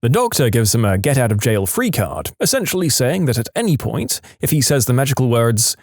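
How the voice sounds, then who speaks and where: A man's voice: a little fast, no room sound, clean studio sound. A man reading listener stories aloud as scripted narration, lifting his voice for quoted characters. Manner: animated, jumps pitch for quoted voices.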